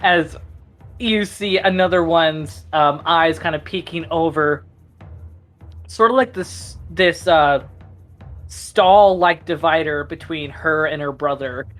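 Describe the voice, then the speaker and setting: Game master narrating a scene, relaxed and chatty, faint music behind. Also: mid-range voice, takes it slowly. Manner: casual, chatty with fillers.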